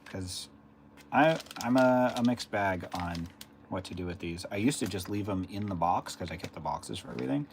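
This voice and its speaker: Low-voiced man chatting on a live stream. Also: moderate pace, gravelly, a little hiss or hum. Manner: rambling and chatty, reading out and answering chat. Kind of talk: casual live-stream chat with viewers.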